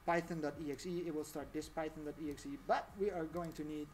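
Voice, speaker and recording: A woman's voice: low-pitched, steady tone, quick pace, darkish tone, a little hiss or hum. A woman talking through a casual live-stream tutorial, chatty and rambling, laughing often.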